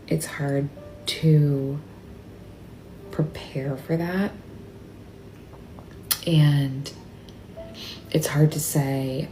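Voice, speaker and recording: Woman, deep gravelly flat voice, tearful confessional, echoey room. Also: a little hiss or hum. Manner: halting, tearful, often dropping to a whisper. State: upset and near tears. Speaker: mother sharing a personal story. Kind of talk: emotional confessional video.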